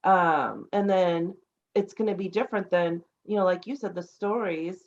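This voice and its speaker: A woman podcast host with a lowish voice speaks at normal speed in a casual interview, rambling with lots of fillers and restarts. The lo-fi audio sounds slightly dull.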